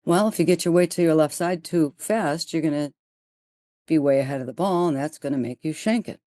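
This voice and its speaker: In a low-pitched, brisk voice with no room sound, a middle-aged woman from Buffalo, New York, tells stories in an interview. She's a golf teacher with a Buffalo accent, blunt and lively, playing both parts of the dialogue herself.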